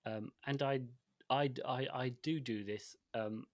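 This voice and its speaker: A man's voice: medium pitch, steady tone, a little slow, no echo, studio quality. A man co-hosting a podcast in casual chat, rambling and hesitant, with frequent restarts and fillers. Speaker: podcast co-host.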